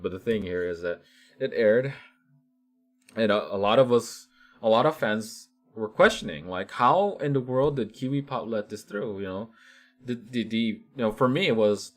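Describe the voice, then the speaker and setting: Male vlogger, deep-pitched, animated rambling commentary. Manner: animated, rambling, many restarts and fillers. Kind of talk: casual ranting commentary.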